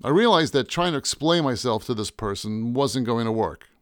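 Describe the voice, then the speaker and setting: A man narrating a first-person story in a wry, deadpan way. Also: mid-range voice, moderate pace, smooth, dry recording, studio quality. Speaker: audiobook narrator.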